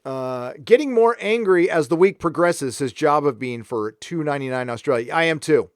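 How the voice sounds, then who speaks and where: This San Diego, California man chats frankly on his live stream, rambling as he reads comments from viewers. His voice sits on the high side with lively intonation and a moderate pace, recorded echo-free at studio quality.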